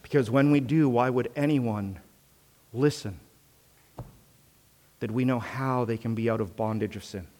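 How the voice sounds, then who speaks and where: Slow, earnest man preaching. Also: medium pitch, big-room sound. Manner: earnest, rhetorical questions, swings from loud to hushed. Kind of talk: sermon.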